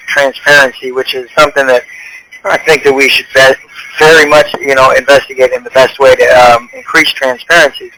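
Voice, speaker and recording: A man on a phone call, talking in a halting way with many restarts. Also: mid-range voice, background noise. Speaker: caller. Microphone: telephone.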